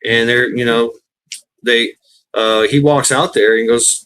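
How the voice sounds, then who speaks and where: A man's voice: mid-range voice, fairly even intonation, slow pace, fairly bright tone, slight background noise. A man hosting a casual livestream chat, rambling and swearing freely, often laughing as he talks. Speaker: livestream host.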